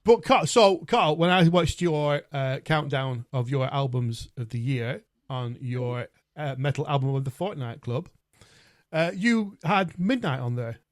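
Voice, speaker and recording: A man's voice: medium pitch, measured pace. Chatty self-mocking male podcast host. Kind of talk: casual chat, album review.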